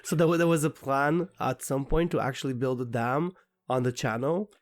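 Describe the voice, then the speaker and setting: A man's voice: medium pitch, normal speed, no echo. Laid-back man chatting on a podcast. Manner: laid-back, short agreeing replies, casual swearing. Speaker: podcast co-host. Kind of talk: casual chat.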